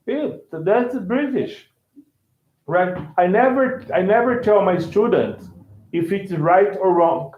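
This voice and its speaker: Male teacher, slightly high-pitched, repetitive, on an echoey phone-quality line. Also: animated, takes it slowly. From Brazil. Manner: repetitive, restarts phrases and checks with "right?". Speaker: language teacher. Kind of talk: casual online lesson.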